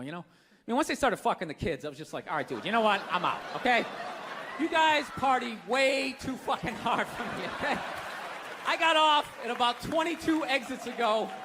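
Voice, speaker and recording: Male stand-up, profane incredulous ranter, high bright tone, live stage mic. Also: noisy background. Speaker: stand-up comedian. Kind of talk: stand-up comedy set. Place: theater stage before a laughing audience. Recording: live stage set with audience.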